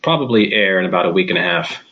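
A man co-hosting a radio show from a remote location, giving relaxed, brief replies. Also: low voice, fast, dull audio. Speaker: radio co-host. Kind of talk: casual radio chat.

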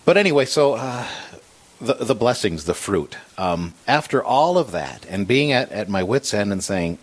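A man with a deep, husky voice recounts a hard time in his life in a faith-centered conversation. His telling is earnest and halting, full of small restarts as he gathers his thoughts. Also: expressive. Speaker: guest sharing a personal story.

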